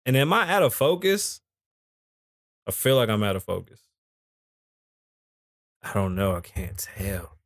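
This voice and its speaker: A man's voice: mid-range voice, no room sound. A man hosting a live podcast in a small studio, chatting casually into a microphone, joking, swearing and rambling from topic to topic. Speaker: podcast host. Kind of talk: casual live show chat.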